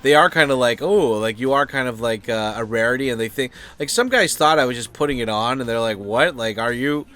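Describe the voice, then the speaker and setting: A man's voice: mid-range voice, brisk, hardly any pauses, a bit bright, clean tone. An American man chatting loosely and off-topic, full of fillers, swearing and asides. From United States. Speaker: vlogger. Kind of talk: rambling casual chat.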